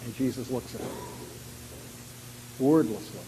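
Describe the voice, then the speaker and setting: A man preaching a sermon. He acts out quoted lines loudly and drops to a quiet voice when he reflects. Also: medium pitch, measured pace. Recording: long hall reverb with faint hiss.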